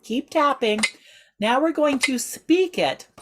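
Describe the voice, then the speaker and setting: A woman guides a group through voice exercises at an unhurried pace, her voice sitting fairly high. She explains each step patiently. The video call audio carries a clear layer of noise. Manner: patient, instructive, speaks in measured rhythm. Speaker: group voice and singing leader. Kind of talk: slow guided voice exercise class.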